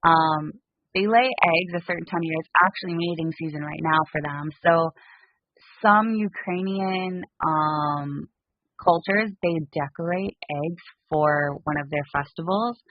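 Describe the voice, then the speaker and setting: A woman with a Canadian accent chats as a guest, laying things out with plenty of ums. Her voice sits a little low. The audio is dry and muffled, like an online call. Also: a little slow, dry recording. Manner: chatty, explains with many ums. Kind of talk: casual chat.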